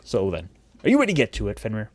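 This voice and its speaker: A man's voice: fairly low pitch, wildly swooping pitch, rapid-fire, dry recording. A man from Cleveland, hosting a casual podcast chat in a rambling, jokey way full of restarts. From grew up in Cleveland and Puerto Rico. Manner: rambling, self-interrupting, jokey. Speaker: podcast host.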